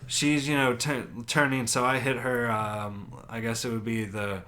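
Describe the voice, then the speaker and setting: Male podcast co-host, animated storyteller, heavy swearing. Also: medium pitch, a little slow. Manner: animated, swears a lot, acts out his own reactions. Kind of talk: casual storytelling chat.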